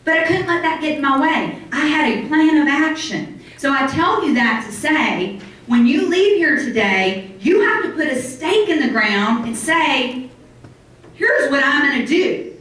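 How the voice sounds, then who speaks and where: A middle-aged woman giving an animated motivational talk to a live audience in a hotel conference room, acting out other people's reactions. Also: high-pitched, unhurried. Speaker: motivational speaker. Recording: very echoey hall from far off.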